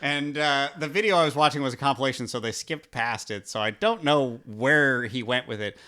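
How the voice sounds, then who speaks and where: A man co-hosting a podcast as its producer, loose and casual, slipping wry jokes into the conversation. His voice is an ordinary middle pitch, and he laughs easily between his lines. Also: fairly quick, pushed and bright, clean tone. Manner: wry, joking, laughs often.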